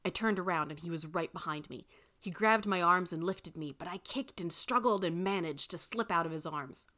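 A woman reading a first-person story aloud in an expressive way. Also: lowish voice, normal speed. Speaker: reader.

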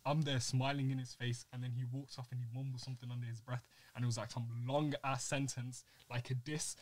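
A young man, telling a school story in a lively, joking way during a casual chat among friends. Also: medium pitch, fairly quick. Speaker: podcast co-host.

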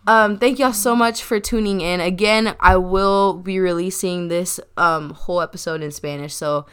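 A woman's voice: on the low side, fairly even intonation, moderate pace, smooth. A young woman hosting a casual chat, talkative and laughing often, with a habit of saying y'all. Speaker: podcast host.

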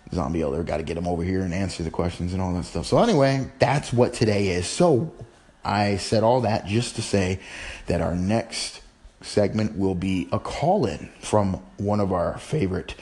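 A man's voice: low-pitched, lively intonation, moderate pace, a little mellow. A man hosting his own podcast, chatting in a rambling, playful, casual way. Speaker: podcast host. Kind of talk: casual chat.

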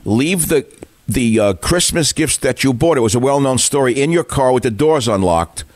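A man's voice: mid-range voice, animated, normal speed, dry recording. An older man hosting a talk radio show, delivering opinionated monologues full of rhetorical questions and taking callers. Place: radio studio. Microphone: studio microphone.

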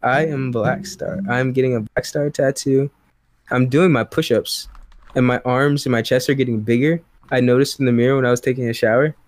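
A young man co-hosting a podcast, teasing his friend in animated, slangy banter. His voice sits in a middle pitch, dry and close to the mic. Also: a little fast, no room sound. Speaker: podcast co-host.

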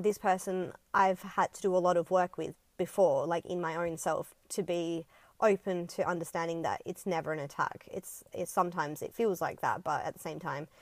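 Woman vlogger with a lower voice: earnest, rambling, some swearing, dry close recording. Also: no room sound. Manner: earnest, rambling, frequent ums, casual swearing. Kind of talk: casual reflective monologue.

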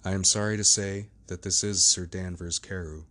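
A man's voice: sits low, fairly even intonation, moderate pace, sharp tone. A man reading as a grave old lawyer. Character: grave, solemn older male lawyer.

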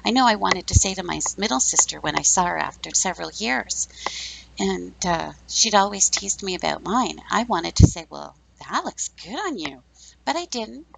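A woman in her fifties talks through her opinions in a blunt, sarcastic, chatty way. Her voice is full of gravelly fry. A faint hiss sits under the recording. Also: medium pitch, lively intonation, normal speed, fairly bright tone, rough recording. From Canada. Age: 50s. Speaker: podcast host. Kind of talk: casual opinion monologue.

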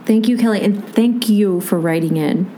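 A woman's voice: mid-range voice, normal speed, warm tone, slight background noise. A woman co-hosting a podcast in casual chat, opinionated and plain-spoken with a dry, sarcastic edge. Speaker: podcast co-host.

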